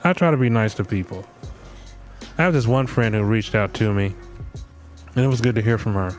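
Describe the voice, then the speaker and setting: A man's voice: lowish voice, fairly quick. A man riffs in a loose, comedic rant, blunt and heavy on cussing. He keeps breaking into voices for the people he quotes. Faint music plays under him. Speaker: podcast host.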